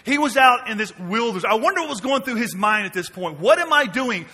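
A man, preaching a sermon to his church, moving between quiet low asides and loud emphatic questions. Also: animated, fast, slightly rough. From Mississippi, US. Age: 40s. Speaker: pastor. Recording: long reverb of a large hall.

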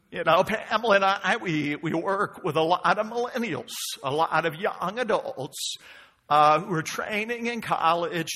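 Animated, high-pitched preacher man with husky voice. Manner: animated, repeats questions with rising emphasis. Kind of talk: sermon.

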